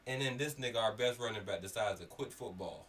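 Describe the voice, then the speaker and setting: A man from Miami tells long, animated stories in casual chat, swearing freely and acting out what others said. When worked up he gets loud. He sits a bit back from the mic, with a faint hum of noise behind him. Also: on the low side, fairly quick. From Miami area. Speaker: podcast co-host. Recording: slightly distant mic, faint background noise.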